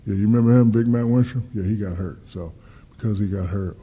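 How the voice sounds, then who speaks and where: Deep-voiced man telling animated stories. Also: fast talker, slightly rough. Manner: animated storyteller, acts out dialogue, swears freely. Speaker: guest athlete. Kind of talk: casual storytelling interview.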